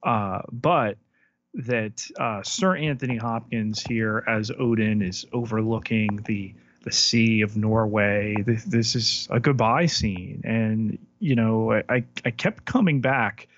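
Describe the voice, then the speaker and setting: A man's voice: lowish voice, takes it slowly, fairly bright tone, lo-fi sound. A man co-hosting a podcast, talking through a film in a hesitant way, often repeating words as he thinks aloud. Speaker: podcast co-host. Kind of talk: casual film discussion.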